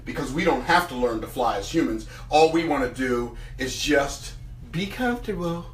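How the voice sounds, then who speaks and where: A man giving a motivational seminar talk, an animated storyteller who throws rhetorical questions at his audience. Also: mid-range voice, moderate pace. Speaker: motivational speaker. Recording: roomy hall, mic at a distance.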